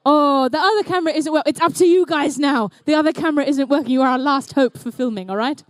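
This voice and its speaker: A woman's voice: sits high, fast talker, dry recording. A woman commentating a live indoor competition and emceeing it, with playful, jokey banter aimed at the crowd.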